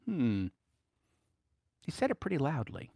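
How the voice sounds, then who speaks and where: A man preaching to a small group, his voice fairly high and swinging widely in pitch. He keeps posing rhetorical questions and breaks into frequent chuckles. The sound is dry and close, with no room echo. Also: huge pitch swings, a little slow, vocal fry, dark tone, slightly rough. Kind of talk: teaching sermon to a small group.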